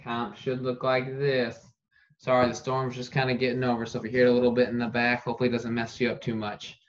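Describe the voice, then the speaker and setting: A man teaching an online phonics lesson, saying each word slowly and repeating it for dictation. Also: mid-range voice, monotone. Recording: dull lo-fi recording.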